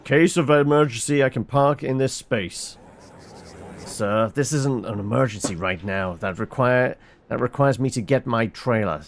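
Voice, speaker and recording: A man's voice: medium pitch, a little slow, vocal fry, slight background noise. A man reading a game's dialogue aloud for every character, with fillers and small restarts. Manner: reads all characters, stumbling with fillers. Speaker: game reviewer reading dialogue.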